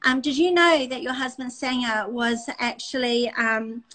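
An Australian woman hosting a casual chat, effusive and full of quick restarts. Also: fairly high pitch, fairly even intonation, fairly bright tone, a little hiss or hum, rough recording. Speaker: host.

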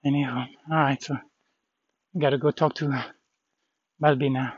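A man's voice: medium pitch, level tone, normal speed, breathy edge, no room sound, muffled recording. A shaken man rambling about a dog fight, swearing under his breath and trailing off. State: shaken, adrenaline-pumped. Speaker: vlogger. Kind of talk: shaken personal vlog after a dog fight.

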